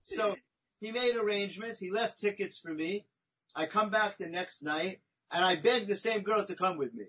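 Husky high-voiced man telling anecdotes. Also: normal speed, rough recording. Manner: animated, chatty anecdote telling with frequent "right?" and "you know?". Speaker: podcast guest. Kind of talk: conversational storytelling.

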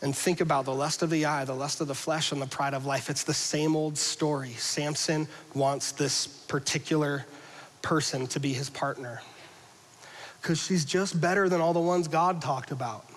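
A man preaching a conversational sermon to a congregation, joking casually and swinging between loud emphasis and hushed passages. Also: fairly high pitch, fairly even intonation, normal speed, in a large hall, poor audio. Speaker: pastor. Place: church hall with a congregation.

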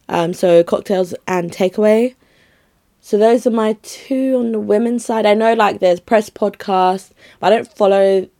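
A young woman talks straight to her viewers in a loose, chatty way. She rambles, trails off and restarts her thoughts. Her voice sits at a middling pitch for a woman. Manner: chatty, rambling, self-interrupting. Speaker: vlogger. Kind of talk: casual chat to viewers.

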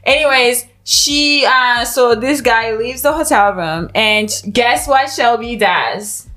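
High voiced woman from zimbabwe ranting and cursing, laughing a lot, casual podcast. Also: takes it slowly. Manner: animated, profane, loud and laughing. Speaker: podcast co-host. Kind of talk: casual storytelling chat.

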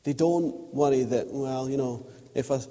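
A man preaching a sermon in a relaxed, storytelling way, acting out little quotes as he goes. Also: medium pitch, normal speed, long reverb tail. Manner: chatty storytelling with acted-out quotes. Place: church.

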